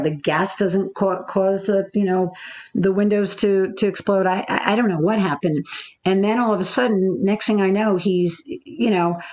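A woman, a business coach, telling an interviewer a personal story in a halting way, full of fillers and restarts. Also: mid-range voice, a little mellow.

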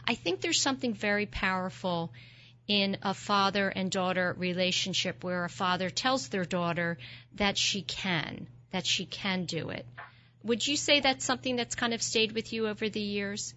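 A woman's voice: medium pitch, normal speed, sharp tone, slight background noise. A woman hosting an interview, asking questions and affirming her guest's story in an engaged way. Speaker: podcast host. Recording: muffled lo-fi sound.

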